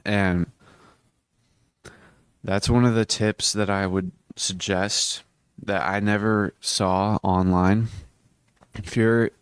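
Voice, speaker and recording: A teenage boy vlogs about self-improvement in a deep, even, level voice that stays smooth and clear. He talks earnestly and rambles, restarting his sentences as he goes. The recording is close and dry, with no room sound. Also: slow pace, long pauses, no echo. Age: teens. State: hiccuping. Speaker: vlogger. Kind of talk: casual self-improvement vlog.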